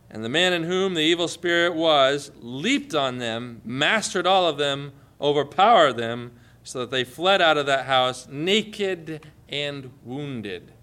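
A man preaching a sermon, acting out quoted lines with big swings in pitch and loudness. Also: measured pace.

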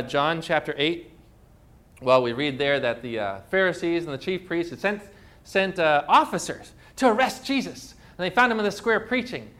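A man's voice: on the high side, a bit bright. A man preaching a sermon as pastor, emphatic and full of rhetorical questions. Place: church. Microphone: phone.

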